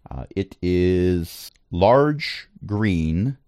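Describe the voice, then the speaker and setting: Gm hosting the stream, super lively swingy voice, wry jokes, dry close sound. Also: low-pitched, extremely slow, no echo. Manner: lively, playful, wry narration. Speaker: game master. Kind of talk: game mastering and narration.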